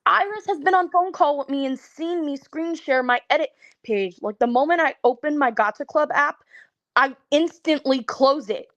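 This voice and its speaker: A woman in her twenties venting to viewers in a casual way, tired and stressed, halting and stammering as she restarts her sentences. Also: high-pitched, fairly bright tone, dry recording, lo-fi sound. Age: 20s. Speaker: content creator.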